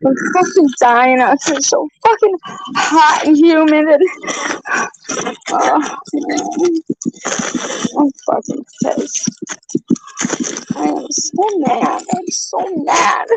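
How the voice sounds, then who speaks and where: A high-voiced woman pours out her frustration in a slow, drawn-out way, swearing and choking up. She is outdoors, recorded on a phone with clear noise behind her. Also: low-quality recording. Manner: distraught, swearing, voice breaking into tears. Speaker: vlogger. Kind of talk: tearful venting monologue. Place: outdoors by her car in hot humid weather.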